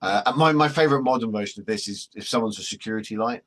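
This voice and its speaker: A man with a husky voice, presenting a workshop in a chatty, joking storytelling way. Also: on the low side, fast talker, a bit bright. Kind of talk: anecdotal workshop talk.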